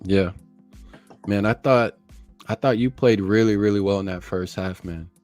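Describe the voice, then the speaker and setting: A man's voice: lowish voice, normal speed, darkish tone, soft background music. A man hosting a casual podcast chat, laid-back and calling people "bro". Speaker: podcast host.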